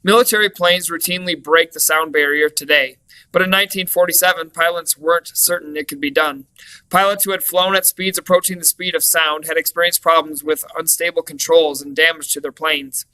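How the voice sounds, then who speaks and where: A man reading a lesson text aloud in a clear, steady way, with the odd small self-correction. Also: on the high side, a little fast, poor audio. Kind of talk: read-aloud lesson narration.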